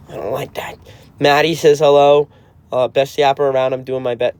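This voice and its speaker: A man's voice: mid-range voice, level tone, moderate pace, a little mellow, clean tone. A man in his twenties in a car, chatting casually on a livestream and answering viewer comments. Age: 20s. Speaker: band member hosting a livestream.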